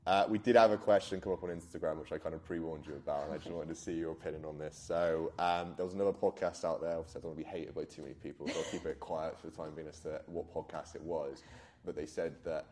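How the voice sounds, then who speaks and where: A man hosting a podcast, asking questions in a relaxed, rambling way with many fillers. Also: rumbling low, fast. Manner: relaxed, filler-heavy, trails off quietly. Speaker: podcast host. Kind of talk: casual interview chat.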